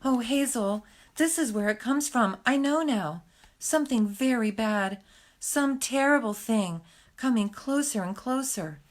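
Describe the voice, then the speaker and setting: A woman's voice: measured pace, darkish tone, lightly acted. A woman voicing a timid young male rabbit who whimpers and trembles with fear. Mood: terrified. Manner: trembling, whimpering, high and fearful.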